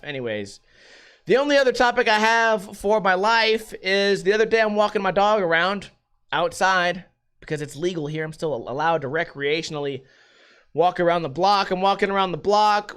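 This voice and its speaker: Guy rambling on his podcast at home, kinda high voice, cusses a ton. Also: fairly bright tone, clear, resonant tone. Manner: rambling, swears a lot. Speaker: podcast host. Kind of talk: casual solo podcast chat.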